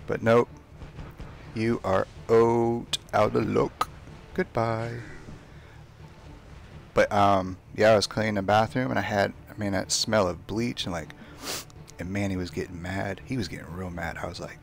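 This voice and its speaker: Young male game streamer, low gravelly voice, chatty running commentary. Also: flat delivery, normal speed, slight background noise. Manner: chatty, talks to himself while playing, trash-talks opponents. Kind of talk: casual live gameplay commentary.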